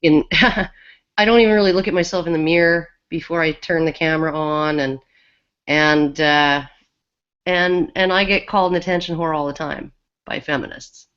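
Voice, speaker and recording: A woman with a somewhat low voice chats loosely on a podcast, circling back with fillers and restarts. The audio is dull and lo-fi. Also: steady tone, moderate pace, a bit bright, clear, resonant tone. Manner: chatty, many restarts and fillers. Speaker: podcast co-host. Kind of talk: casual panel chat.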